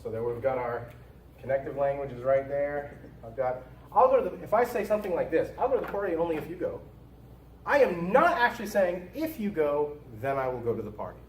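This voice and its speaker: A man teaching a logic class in an emphatic style, repeating his warnings and punching key words, then dropping to quiet asides. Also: on the high side, expressive, a little fast, reverberant, far from the mic, a little hiss or hum, low-quality recording. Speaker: logic instructor. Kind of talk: recorded lecture.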